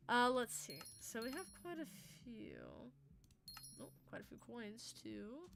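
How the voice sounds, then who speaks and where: A woman's voice: fairly high pitch, animated, slow, gravelly, long pauses. A young woman of about eighteen streaming a game, rambling in casual chat, swearing freely and answering her chat. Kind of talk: casual livestream chat while gaming.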